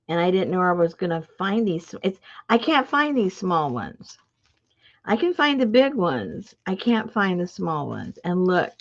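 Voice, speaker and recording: A woman hosting a live craft stream, chatting with viewers in an excitable, talkative way. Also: lowish voice. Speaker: craft channel host. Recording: dull lo-fi live-stream audio.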